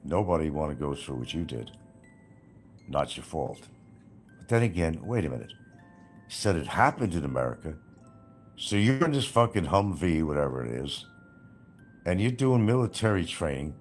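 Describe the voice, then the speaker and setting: A man's voice: very deep voice, very animated, moderate pace, long pauses, soft background music. A man ranting on a livestream, taunting and sarcastic, swearing and chuckling at the person he attacks. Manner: taunting, profane, sarcastic, laughing at his target. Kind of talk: livestream rant.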